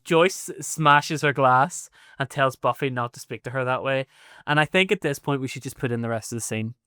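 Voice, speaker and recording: A man in his thirties co-hosting a podcast, telling sarcastic stories and swearing freely. His voice is smooth and clear, mid-pitched, and the recording is close and dry. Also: moderate pace, sharp tone, no room sound. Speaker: podcast co-host. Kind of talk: casual chat.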